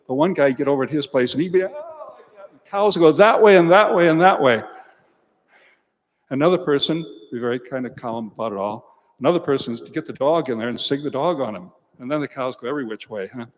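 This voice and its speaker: An older man, a priest, giving a homily in a folksy storytelling way and speaking to the children. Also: mid-range voice. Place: church. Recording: church hall reverb.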